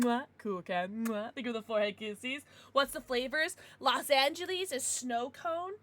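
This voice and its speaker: A woman's voice: on the high side, a bit bright, a little hiss or hum. A young American woman chatting casually on a livestream, giggly and bubbly as she greets viewers and reads out chat.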